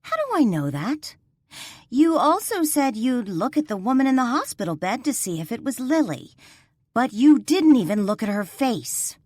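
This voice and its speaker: A woman narrator voicing a sharp, defiant heroine who speaks in insistent, clipped lines. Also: lowish voice, sing-song, measured pace, no echo, studio quality.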